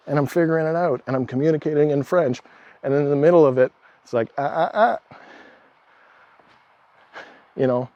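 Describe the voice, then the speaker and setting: A man in a casual vlog monologue, talking in an animated, exasperated way, acting out quoted exchanges and laughing often. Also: on the high side, fast talker, no echo, dull audio. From Canada. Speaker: travel vlogger.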